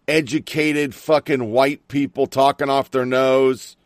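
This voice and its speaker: A man's voice: fairly high pitch, normal speed, hardly any pauses, no room sound, clean studio sound. A middle-aged man hosting a talk show, ranting bluntly and angrily with plenty of swearing. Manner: angry, blunt and profane ranting. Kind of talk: opinionated talk radio monologue.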